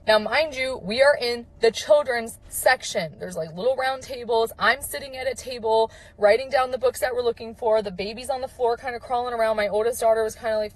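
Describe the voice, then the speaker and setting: Chatty young mom telling a story. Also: female voice, fairly high pitch, poor audio. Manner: chatty, lots of fillers, quotes people in voices. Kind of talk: casual storytelling video.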